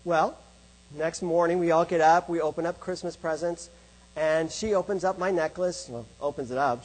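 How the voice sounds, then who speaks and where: A man's voice: fairly high pitch, a little hiss or hum, poor audio. A middle-aged man giving a talk to an audience about love, asking questions and answering them himself. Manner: asks and answers rhetorical questions. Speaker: speaker on love and faith. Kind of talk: presentation to an audience.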